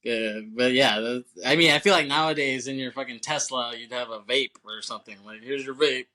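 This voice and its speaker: On a movie podcast, a male co-host with a bright, forward, mid-range voice talks casually at a brisk clip. He laughs a lot, swears freely, and performs bits of the film as he retells it.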